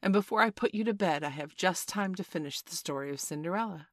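A woman reading a storybook and voicing Wendy, a prim, motherly little girl who talks in an earnest, gently fussing way. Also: on the low side, quick pace, dry recording, studio quality, natural voice.

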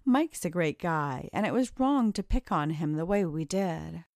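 A woman's voice: on the low side, expressive, unhurried, a little mellow, no echo, studio quality. A woman voicing a kind, friendly young woman in a story reading, speaking reassuringly.

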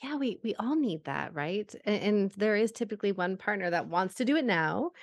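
A middle-aged woman therapist calmly explaining relationship advice in a podcast interview. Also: mid-range voice, moderate pace, dry recording, studio quality. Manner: calm explanatory, acts out example phrases. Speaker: guest therapist.

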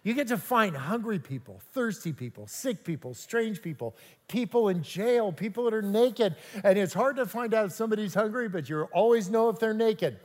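An older man giving an animated, jokey storytelling sermon at a church service. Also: sits high, normal speed. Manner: animated, jokey, acts out quoted exchanges. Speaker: guest speaker at a church service. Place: large church sanctuary. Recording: long hall reverb.

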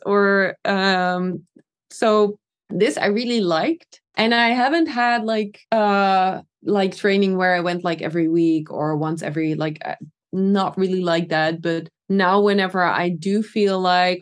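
A woman's voice: mid-range voice, unhurried. Dutch lady singer chatting in an interview, loose and rambly, lots of "like" and "um". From Netherlands. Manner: rambling, many fillers and restarts. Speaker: singer guest. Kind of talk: casual interview chat.

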